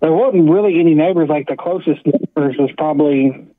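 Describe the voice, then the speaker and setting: A man tells a ghost story as an interview guest, circling back with "like" and "I was like". His voice sits a little high. It comes over a thin, phone-like line with no room sound. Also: fairly quick, no room sound. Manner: rambling, repeats "I was like" and "like". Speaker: paranormal investigator guest.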